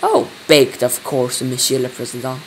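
A man's voice: mid-range voice, fairly even intonation, moderate pace, a little hiss or hum, natural voice, poor audio. A man voicing a fawning male chef with a French accent in a storybook reading. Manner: eager, fawning.

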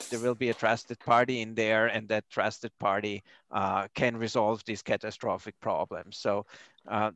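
Low-voiced man, measured and hesitant. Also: a bit bright, no echo, lo-fi sound. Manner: measured, hesitant, many uhs. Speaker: finance professor panelist. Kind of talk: panel discussion.

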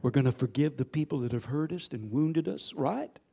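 A pastor in his sixties preaching a sermon, telling a story with sudden swings between hushed and loud delivery and calling on the congregation to respond. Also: on the high side, lively intonation, moderate pace, creaky, husky. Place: church sanctuary.

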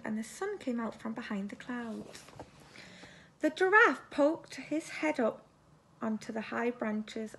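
A teacher reading a children's story aloud expressively, now and then turning to ask the children questions. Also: female voice, on the high side, gravelly, a bit bright, a little hiss or hum.

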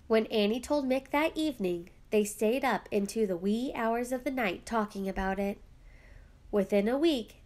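A woman reading a children's picture book aloud with gentle, expressive storytelling. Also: medium pitch.

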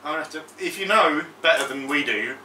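Man, lively voice, playful and swearing, tabletop game banter, roomy echo, distant noisy mic. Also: a little high, quick pace. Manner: joking, swearing, playful singing. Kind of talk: casual banter over a miniatures game. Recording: echoey room, far mic, noisy.

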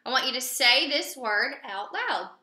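Slow, bright-voiced woman teacher. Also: high voice, animated. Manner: patient, prompting and praising pupils with pauses. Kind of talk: recorded phonics lesson for young students. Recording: roomy echo.

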